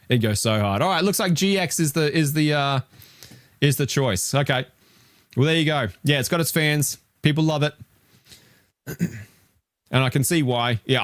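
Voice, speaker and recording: Reacting to a ranked list of games, a retro gaming streamer with a medium-pitched voice lets loose with curses and disbelieving rants. His live commentary is animated and exasperated, heard in clean studio sound without any room sound.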